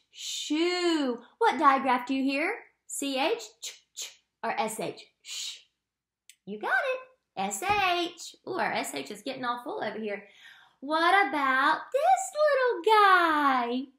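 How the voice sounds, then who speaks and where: High, slow-talking woman teacher. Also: very animated, fairly bright tone, reverberant. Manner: playful, sounding out letter sounds slowly. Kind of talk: phonics lesson for young children.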